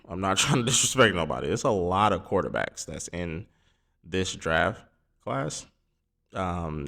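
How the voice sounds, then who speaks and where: Male sports podcast host, deep voice, loose and rambling, lots of ums. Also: fairly bright tone. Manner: rambling, filler-heavy, informal. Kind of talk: casual solo sports talk.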